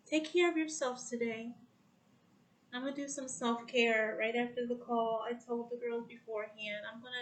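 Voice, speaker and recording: A woman's voice: fairly high pitch, low-quality recording. A woman hosting a casual spiritual chat on a video call, effusive, heartfelt and emotional as she closes the show. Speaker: host.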